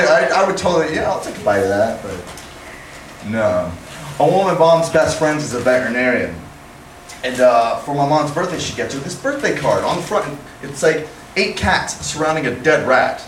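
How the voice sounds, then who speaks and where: A man's voice: a little high, slight background noise. Rambling young man doing stand-up, echoey room. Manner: rambling, acts out characters in quick asides. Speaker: stand-up comedian. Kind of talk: open-mic stand-up set. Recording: echoey room recorded from far off.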